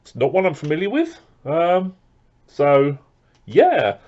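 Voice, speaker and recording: A man's voice: on the high side, huge pitch swings, slow pace, a little mellow, lo-fi sound. A man chatting casually as he unboxes record purchases, rambling with lots of fillers and restarts. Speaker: record collector vlogger.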